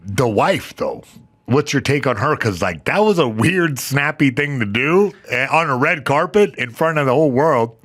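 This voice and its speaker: A man co-hosting a podcast in casual chat, chiming in with quick agreement and laughs. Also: medium pitch, lively intonation, fairly bright tone. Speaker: podcast co-host.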